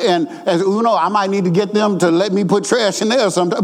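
A man preaching a sermon who swings from quick asides to shouted, half-sung emphasis and repeats his words. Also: high-pitched, in a large hall.

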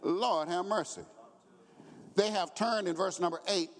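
High-voiced preacher in a reverberant hall. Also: male voice, a little slow. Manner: rising to shouted preaching, acts out quotes, chuckles. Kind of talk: sermon.

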